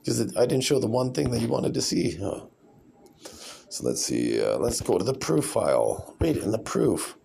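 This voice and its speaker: A man's voice: medium pitch, wildly swooping pitch, moderate pace, gravelly, dark tone, breathy edge. A man in his forties talking in a rambling, sarcastic, blunt casual vlog rant. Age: 40s. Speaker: vlogger.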